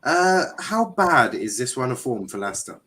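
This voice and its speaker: A man hosts a casual football panel show with a medium-pitched voice that's very animated, pushed and bright, at a moderate pace. He sounds hesitant, packing his talk with ums and other fillers while trading blunt banter.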